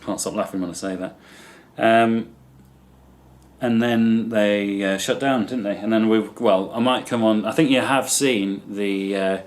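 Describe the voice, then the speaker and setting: A man's voice: fairly low pitch, steady tone, a little slow. A man presenting a guitar in a casual, rambling way, with many ums and asides. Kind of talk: casual talk to camera.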